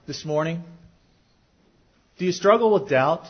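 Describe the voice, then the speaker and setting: This pastor, with a husky, fairly high voice, preaches earnestly in a sanctuary and keeps questioning the congregation. His delivery is expressive and unhurried, with frequent pauses, captured on a dull, lo-fi recording.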